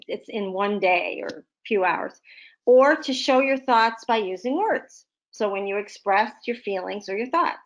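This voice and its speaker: A woman literacy tutor giving a recorded vocabulary lesson, explaining slowly with many everyday examples. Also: on the high side, fairly bright tone.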